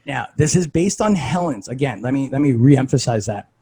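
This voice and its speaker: Husky-voiced man, chatty fitness coach. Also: medium pitch, animated, normal speed, mellow, rough recording. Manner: conversational, frequent "like" and "right?". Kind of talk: casual coaching talk.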